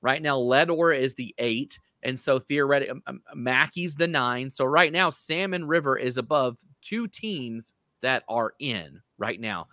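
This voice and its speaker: A man with a bright, sharp voice co-hosts a casual sports podcast. He works through his points aloud and hedges often. The recording is close and dry. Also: mid-range voice, lively intonation, unhurried, few pauses, dry recording. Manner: hedging, thinks aloud, stresses he is neutral. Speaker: podcast co-host.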